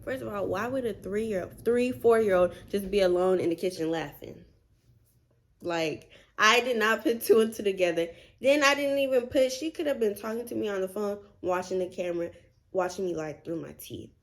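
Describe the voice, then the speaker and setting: A woman in her twenties telling a story to her viewers in a vlog, animated and chatty, full of "like" and "y'all". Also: medium pitch, moderate pace. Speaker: vlogger.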